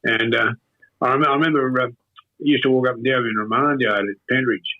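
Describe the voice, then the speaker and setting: An older Australian man with a husky voice tells a long story in a rambling, halting way, circling back with fillers and false starts. His pitch sits in an ordinary middle range. The recording is tinny and narrow, like a phone line. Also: fairly even intonation. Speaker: interview guest. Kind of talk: casual storytelling.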